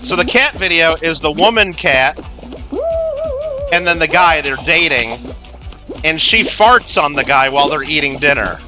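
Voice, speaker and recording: A fairly high-voiced man talks loosely as he streams a game, stringing his thoughts together with constant "like"s and restarts. Game music plays clearly underneath his voice the whole time. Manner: rambling, filler-heavy storytelling with lots of "like". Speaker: livestream gamer host. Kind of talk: casual livestream chat while playing.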